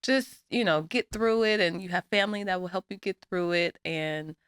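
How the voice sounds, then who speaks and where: Woman, guest in casual interview, animated storyteller, bright voice, dry close sound. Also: lowish voice, normal speed, clean tone, no room sound. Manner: animated storyteller, acts out voices, laughs often. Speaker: guest, nonprofit founder.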